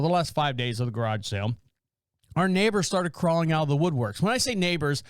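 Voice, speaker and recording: A North Carolina man hosts a solo podcast from a small home studio, his voice high, smooth, and clean in a dry room with almost no echo. Speaking briskly in a casual monologue, he rambles, interrupts himself, and acts out his neighbors' lines in his stories.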